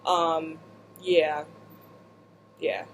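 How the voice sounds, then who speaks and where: A woman vlogger seated indoors, casually telling a story in an animated, joking way with lots of asides. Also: deep voice, very slow, slight background noise, rough recording.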